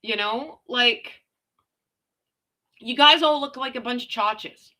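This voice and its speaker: A woman's voice: a little high, takes it slowly, sharp tone. A middle-aged woman from Canada, ranting in casual, blunt, sarcastic commentary with slang and mild swearing. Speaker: commentary vlogger.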